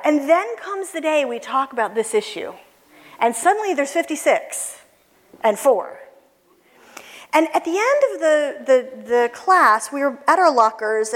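A high-pitched woman with a lively, swooping voice tells a personal story to a church audience, acting out the people she quotes and laughing as she goes. Her voice carries the long reverb of a hall. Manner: animated, acts out quoted voices, laughs often.

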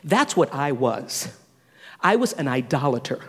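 A middle-aged woman giving a sermon testimony in a church, animated, humorous and self-deprecating. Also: extremely low pitch, measured pace, husky, big-room sound. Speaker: church speaker.

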